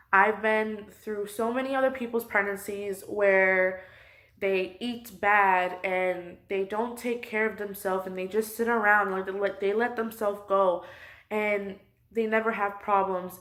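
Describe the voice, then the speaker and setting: A woman's voice: mid-range voice, fairly even intonation, a little slow, fairly bright tone. A woman close to tears, venting her frustration in a personal vlog from her couch at home. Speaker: vlogger.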